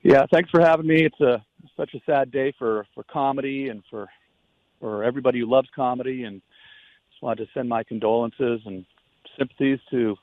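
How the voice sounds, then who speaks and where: A Canadian man with a gravelly voice speaks over a muffled phone line. He sounds earnest and halting and often restarts his phrases. The sound is dry, with no room echo. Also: medium pitch. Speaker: guest calling in. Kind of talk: phone-in tribute.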